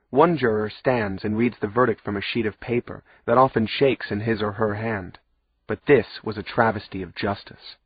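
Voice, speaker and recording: Husky male audiobook narrator, wry. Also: lowish voice, dry recording. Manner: wry, sardonic storytelling. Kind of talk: first-person audiobook narration. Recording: slightly muffled audio.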